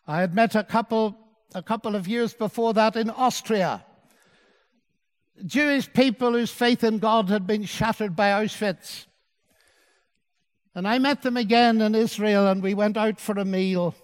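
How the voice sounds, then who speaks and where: A man preaching a sermon, measured and dwelling on key words. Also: sits high, long reverb tail.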